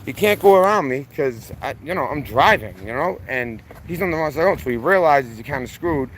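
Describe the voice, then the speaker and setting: A man's voice: fairly high pitch, expressive, fairly quick, a bit bright. Heated man ranting outdoors. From Massachusetts, USA. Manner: heated, profane, rambling, voice rising when worked up. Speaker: vlogger. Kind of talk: angry storytelling rant. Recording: noisy outdoor street recording.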